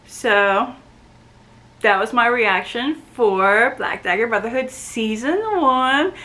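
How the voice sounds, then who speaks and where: Woman, high voice, excitable reaction vlog, chatting to the screen, roomy echo. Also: slow. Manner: excitable, talks back to the screen, laughs often. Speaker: book reviewer reacting to a series. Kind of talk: casual reaction and review.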